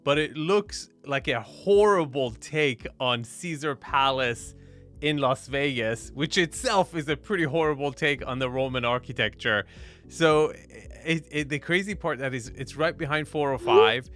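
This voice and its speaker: A man giving a casual reaction commentary, wry and quick to laugh, often stumbling and restarting mid-sentence. His voice sits at an ordinary middle pitch, with faint music underneath. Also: fairly bright tone. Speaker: real estate commentator reacting to a video.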